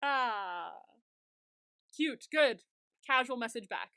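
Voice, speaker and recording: A woman's voice: a little high, expressive, slow pace, pushed and bright, no room sound, clean studio sound. A woman co-hosting a podcast, chatting casually and gushing, swearing freely and laughing often. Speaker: podcast co-host. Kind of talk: casual recap chat.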